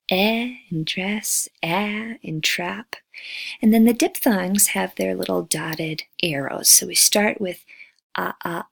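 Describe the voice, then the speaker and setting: A woman, an English as a second language teacher, giving a recorded lecture and slowly modeling vowel sounds. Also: mid-range voice, gravelly, husky, no echo.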